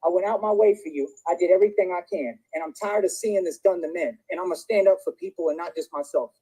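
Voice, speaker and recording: A man's voice: high voice, fast, warm tone, husky, poor audio. A man angrily ranting on a livestream, agitated and threatening, repeating himself. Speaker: streamer in played clip. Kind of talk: angry livestream rant.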